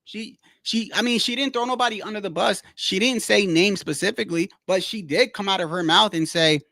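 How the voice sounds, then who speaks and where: A man hosting a casual livestream, rambling in a slangy, animated way and repeating himself as he tells stories. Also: sits high, brisk, gravelly, no room sound. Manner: slangy, rambling, keeps saying "bro". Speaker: livestream host. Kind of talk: casual livestream boxing chat.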